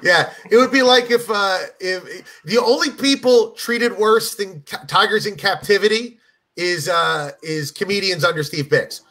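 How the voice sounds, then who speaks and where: A man's voice: sits high, measured pace. A man, a comedian guest, telling stories in casual chat and acting out the people he quotes. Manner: animated storyteller, acts out quoted voices. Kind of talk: casual podcast storytelling.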